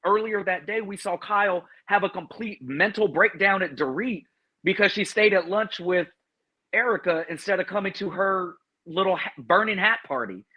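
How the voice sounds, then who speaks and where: A man on a review panel, animated and sassy, laughing often. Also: high voice, moderate pace, highs cut off. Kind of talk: casual pop-culture review chat.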